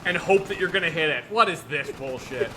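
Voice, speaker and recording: A man's voice: fairly high pitch, animated, brisk, noisy background. A man in casual chat while playing a game, explaining guns at length and swearing casually. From United States. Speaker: gaming video host.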